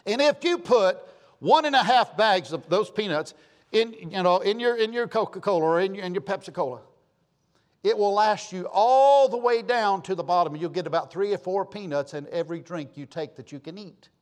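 A man with a Southern US accent preaching a sermon, telling folksy stories and swinging between loud calls and low asides. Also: normal speed. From Georgia, US. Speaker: pastor.

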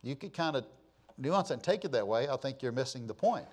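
A man's voice: medium pitch, lively intonation, fairly quick. An older man preaching a sermon, moving from easy storytelling to impassioned, emphatic exhortation. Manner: building from conversational to impassioned crying out. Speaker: pastor.

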